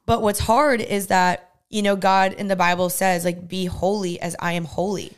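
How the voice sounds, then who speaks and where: A woman's voice: mid-range voice, fairly even intonation, normal speed, few pauses, smooth. A young woman co-hosting a podcast, talking earnestly about faith in casual chat and acting out what others say. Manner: earnest, talks through her faith with quoted asides. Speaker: podcast co-host.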